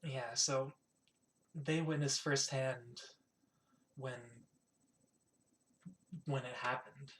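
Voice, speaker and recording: A man's voice: medium pitch, steady tone, drawn-out words, pauses often, fairly bright tone. A man narrating a tabletop game as game master, casual and full of "like" and "kind of". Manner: casual, filler-heavy, says "like" and "kind of" often.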